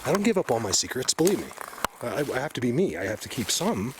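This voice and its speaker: A man vlogging as he walks through a forest, rambling excitedly and sometimes dropping to a hushed voice. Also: medium pitch, fast. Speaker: bigfoot researcher vlogger. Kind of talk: casual walking vlog. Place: outdoors in a forest. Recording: outdoor ambient noise.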